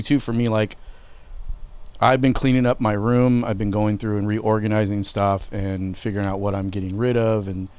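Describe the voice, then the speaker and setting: Smooth-voiced man telling family stories. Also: on the low side, no room sound. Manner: candid, emotional, swears freely. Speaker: podcast host. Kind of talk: casual storytelling.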